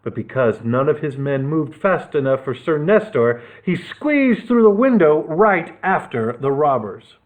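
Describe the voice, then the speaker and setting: A man's voice: a little high, sing-song, unhurried, hardly any pauses. A male librarian reading a children's adventure story aloud for storytime, with dramatic expression. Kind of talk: storytime read-aloud narration. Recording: tinny phone-like sound.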